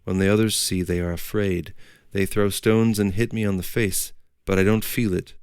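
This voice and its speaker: A gentle young Italian emigrant man, as a male narrator puts him on, talking in plain, repetitive broken English. The voice sits low with a gravelly edge. The recording is close and dry. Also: flat delivery, normal speed, dry recording. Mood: agitated.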